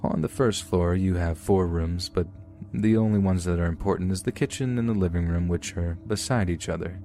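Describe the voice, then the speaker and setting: A man with a very low, deep voice reads true horror stories in a steady, measured way. Faint music plays softly underneath his narration. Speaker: podcast host reading listener stories. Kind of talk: scripted horror story narration.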